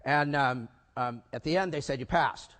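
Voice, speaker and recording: A man's voice: medium pitch, normal speed. Older man telling stories in a reverberant hall. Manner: lively storyteller quizzing the audience with rhetorical questions. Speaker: keynote speaker. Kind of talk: storytelling conference talk. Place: conference hall before a live audience. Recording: long reverb of a large hall.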